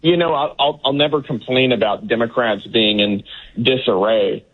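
A man's voice: mid-range voice, moderate pace. A man from Texas giving emphatic political commentary as an interview guest, with many fillers and restarts. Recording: tinny phone-line sound.

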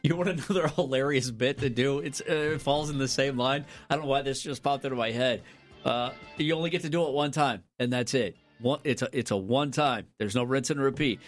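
A middle-aged man co-hosting a casual chat, telling relaxed stories and laughing at his own anecdotes. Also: medium pitch, fairly quick, faint music behind. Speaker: co-host.

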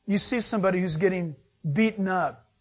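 Husky, high-voiced preaching pastor. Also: male voice, a little fast. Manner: animated, acts out voices with laughter. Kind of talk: sermon.

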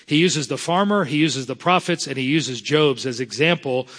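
A man from South Florida preaching a sermon as pastor, earnest, slowing down to stress scripture. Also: on the high side, a bit bright, in a large hall.

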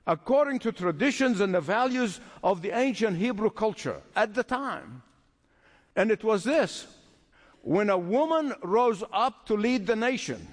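A man's voice: high voice, long reverb tail. A man preaching a sermon, emphatic and repeating phrases for stress.

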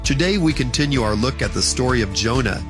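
A male radio announcer giving a smooth, scripted introduction. Music plays clearly behind his mid-pitched voice. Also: lively intonation, a little fast.

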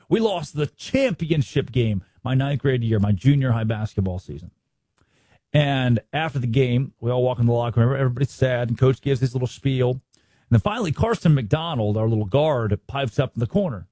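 A man's voice: mid-range voice, expressive, normal speed, warm tone, no room sound. A man hosting a sports show, giving emphatic, sarcastic commentary and acting out quotes.

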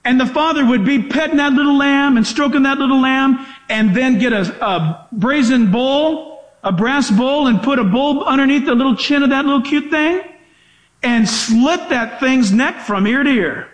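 A male preacher with a very high voice delivers a sermon in an echoey church. He preaches with animated swings, throwing out rhetorical questions and mock voices. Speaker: pastor.

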